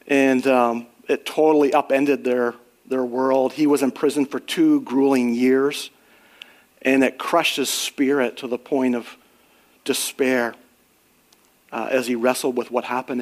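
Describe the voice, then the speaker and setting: A middle-aged man preaching a sermon in an earnest, conversational way, rising on emphatic questions and sharing personal stories. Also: mid-range voice. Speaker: pastor.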